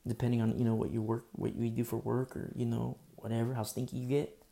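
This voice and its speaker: A man preaching a sermon as pastor, emphatic and repetitive, swinging between loud bursts and hushed asides. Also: mid-range voice, little pitch movement, quick pace, gravelly. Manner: repetitive, with frequent fillers.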